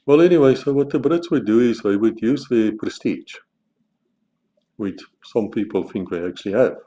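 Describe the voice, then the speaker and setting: A man's voice: on the low side, normal speed, dark tone. A man, an author, talking casually about his book in a blunt manner with sarcastic asides. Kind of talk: casual spoken monologue. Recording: slightly muffled, faint background noise.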